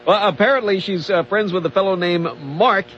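Dry, high-voiced man reading gossip news. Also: brisk, lo-fi sound, slight background noise. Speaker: radio co-host reading entertainment news. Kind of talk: read news segment with banter.

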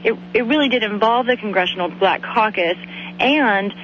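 Reporter woman on dull lo-fi radio. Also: medium pitch. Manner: measured, explanatory reporting with some restarts. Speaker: congressional reporter. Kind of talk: radio news interview. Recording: dull lo-fi radio audio with faint hum.

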